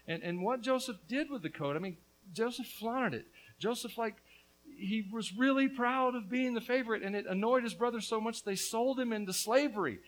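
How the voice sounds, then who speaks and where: A middle-aged man preaching a lively, joking sermon, with quick asides to the congregation. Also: extremely high pitch, poor audio. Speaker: pastor.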